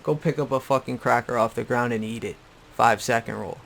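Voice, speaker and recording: A man's voice: mid-range voice, steady tone, brisk, gravelly, fairly bright tone, a little hiss or hum. Profane young guy recapping. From Boston area. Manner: profane, blunt, repeats himself. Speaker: YouTube recap host. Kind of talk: casual rant-style show recap. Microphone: desktop USB microphone.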